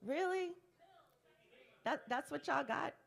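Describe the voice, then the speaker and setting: A woman's voice: high-pitched, animated, slow pace, vocal fry. A woman emceeing a poetry slam on stage at a bar, her voice leaping up and down as she ribs the audience. Her banter is brash, teasing and profane, all playful crowd work. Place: live poetry venue in a bar.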